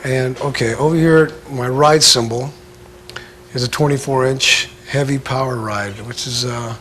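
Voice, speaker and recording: A man giving a casual drum lesson, talking in a laid-back, halting way full of filler sounds. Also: mid-range voice, bright, forceful tone, slight background noise. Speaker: drum instructor. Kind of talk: casual instructional talk.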